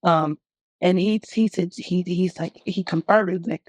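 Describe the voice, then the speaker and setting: A middle-aged woman, a guest singer, talking candidly and telling her story with animated, emphatic bursts. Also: lowish voice, a little slow, no room sound. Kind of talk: candid conversation.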